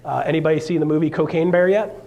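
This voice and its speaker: Energetic male realtor and seminar speaker, slightly high voice, playful with loud bursts. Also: quick pace, lo-fi sound. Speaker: realtor giving a seminar talk. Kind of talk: live motivational seminar talk. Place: stage in front of a live audience.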